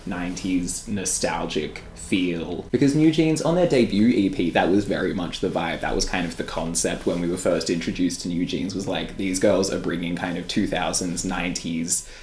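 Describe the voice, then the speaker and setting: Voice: low-pitched, normal speed, few pauses, a little mellow, slight background noise. An Australian music video reactor giving casual, rambling commentary full of filler words. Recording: roomy room with faint music.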